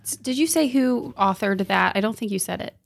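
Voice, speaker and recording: A woman's voice: medium pitch, lively intonation, fairly quick, vocal fry. Woman, co-host, casual reflective faith chat, affirming, thoughtful. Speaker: podcast co-host. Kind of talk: casual conversational discussion.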